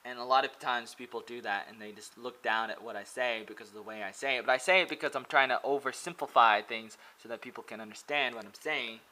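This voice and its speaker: A man's voice: mid-range voice, fast, few pauses, bright, forceful tone, low-quality recording. A man vlogging from a pagoda in a rambling, casual monologue. He hesitates often, with many fillers and restarts.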